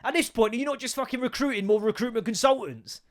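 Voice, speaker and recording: A man's voice: very high voice, quick pace. A man in his thirties hosting a solo comedy podcast, ranting and swearing with self-mocking asides.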